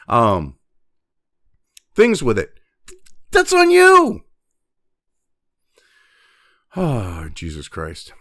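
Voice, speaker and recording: A man's voice: a little high, gravelly, fairly bright tone. A man hosting ranting news commentary, profane and exasperated, sighing heavily and breaking off from reading news to vent. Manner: reads news text quickly, then breaks off to vent.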